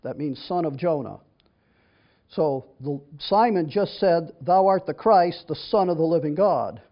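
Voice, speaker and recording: High-voiced man teaching scripture casually. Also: animated, a little slow. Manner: reads scripture then explains it in a casual, chatty way with restarts. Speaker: Bible teacher. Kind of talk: conversational Bible teaching. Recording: dull lo-fi recording.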